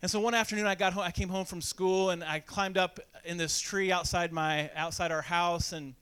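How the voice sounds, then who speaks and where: A man's voice: sits high, level tone, moderate pace, a bit bright, smooth. A man from Indiana preaching a sermon, telling a self-deprecating childhood story and acting out the voices of the people in it. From Indiana, USA. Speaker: pastor.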